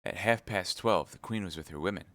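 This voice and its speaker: A loyal count, as a man reading aloud puts him on, reports in a hushed, confiding tone. His voice sits low. The recording is close and dry. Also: a little fast, no room sound. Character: loyal male count, agent reporting secretly.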